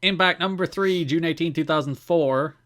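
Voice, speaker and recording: A man in his thirties co-hosting a casual wrestling podcast, reading out show listings in a lively, upbeat way. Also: on the high side, normal speed. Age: 30s. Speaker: podcast co-host.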